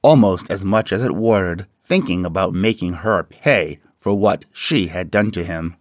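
A man reading a dark story aloud in slow, measured scripted narration. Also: sits low, no echo, studio quality.

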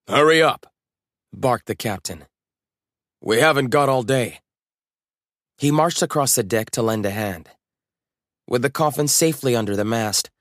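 A man reading a children's adventure story aloud in a calm, even storytelling manner. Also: medium pitch, dry recording, studio quality. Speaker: narrator. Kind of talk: storybook narration.

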